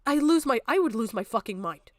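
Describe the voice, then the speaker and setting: A woman's voice: a little high, expressive, a little fast, darkish tone, dry recording. A young adult woman streaming, talking in an upset, tearful way and swearing often, close to crying. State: on the verge of tears. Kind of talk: emotional livestream talk.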